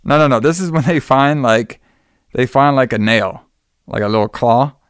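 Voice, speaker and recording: Man, podcast co-host, smooth clear voice, dry close sound, profane, laughing recap. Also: mid-range voice, normal speed, dry recording. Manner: profane, laughing, acts out characters' lines. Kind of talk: casual movie recap chat.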